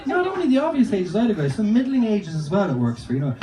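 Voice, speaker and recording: Lively high-voiced man doing stand-up. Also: quick pace, few pauses, a crowd in the background. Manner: loose, rambling storytelling with frequent swearing. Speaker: stand-up comedian. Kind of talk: stand-up comedy set. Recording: roomy, distant, noisy live recording.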